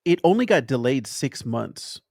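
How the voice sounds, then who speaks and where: A man hosting a podcast, chatting casually through a film review and pausing thoughtfully to find his words. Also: mid-range voice, sing-song, creaky, darkish tone, no echo, clean studio sound. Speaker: podcast host.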